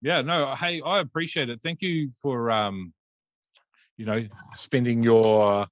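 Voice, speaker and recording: A man's voice: mid-range voice, steady tone, slow, dry recording, dull audio. A man hosting a casual podcast interview, rambling with many ums and restarts. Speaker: podcast host. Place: Auckland, New Zealand.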